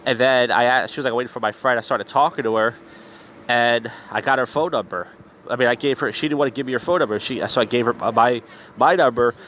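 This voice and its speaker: A man's voice: mid-range voice, fast, fairly bright tone. Tipsy man venting outdoors. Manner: blunt, profane, bitter venting. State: tipsy, slightly slurred. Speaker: podcast host. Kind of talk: casual storytelling monologue. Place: outdoors on a street. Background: faint street and traffic noise.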